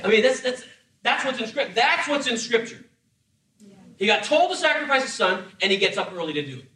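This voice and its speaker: A high, bright-voiced man preaching a sermon, lively and humorous, slipping into acted voices as he tells the story. He sounds a little off the mic, and the room around him echoes. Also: a little fast, far from the mic. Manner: animated, acts out voices with humor. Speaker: pastor.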